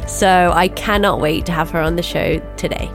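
Animatrice de podcast enthousiaste, voix moyenne, faible musique en fond. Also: female voice, on the low side, fairly even intonation, normal speed, faint music behind. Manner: enthusiastic, gushing. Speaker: podcast host. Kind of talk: casual interview chat.

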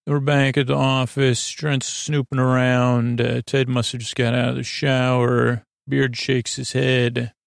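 Slow, gravelly man recapping an episode. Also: mid-range voice, level tone, no echo, studio quality. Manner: hesitant, many filler pauses. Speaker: podcast host recapping a TV episode. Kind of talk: slow, low-key episode recap for sleep listening.

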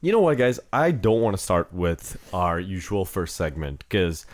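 A man with a fairly low voice who is talking through a cold. He co-hosts a casual podcast chat and jokes around, rambling with plenty of fillers. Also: very animated, moderate pace. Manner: joking, rambling, lots of fillers. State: has a cold. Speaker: podcast co-host.

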